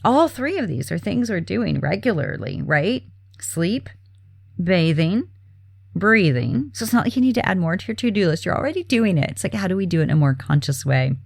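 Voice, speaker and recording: Low, gravelly-voiced woman host. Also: normal speed, no room sound, studio quality. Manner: relaxed and chatty, many fillers, soft breathy laughs. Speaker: podcast host. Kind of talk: casual self-care talk.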